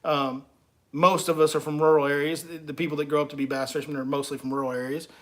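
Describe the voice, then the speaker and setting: Joking fishing guide on livestream. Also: male voice, on the high side, level tone, fast, fairly bright tone. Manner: joking, teasing and laughing between lines. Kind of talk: casual livestream chat reading comments.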